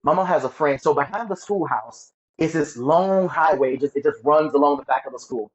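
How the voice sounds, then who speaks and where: A man, halting storyteller, slightly high, muffled sound. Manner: halting, repeats words, acts out quoted voices. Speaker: guest sharing his story. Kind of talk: emotional personal storytelling.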